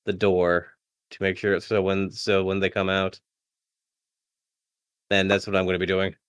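A man's voice: sits low, completely flat delivery, unhurried, smooth, no echo. A man playing a tabletop game over voice chat, rambling, self-deprecating and often restarting his sentences. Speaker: player.

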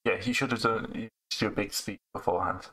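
A man's voice: on the low side, fairly even intonation, quick pace, sharp tone, slightly rough, poor audio. A man running a tabletop game over voice chat, narrating rolls and turns in a matter-of-fact way. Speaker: game master.

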